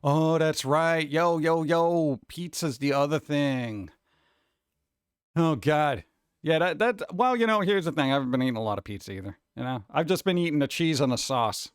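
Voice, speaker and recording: A man's voice: on the high side, big pitch swings, moderate pace, clear, resonant tone, no echo, studio quality. A man hosting a casual stream and reading viewer comments, rambling and joking about himself. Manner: rambling, joking, self-deprecating. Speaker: streamer host.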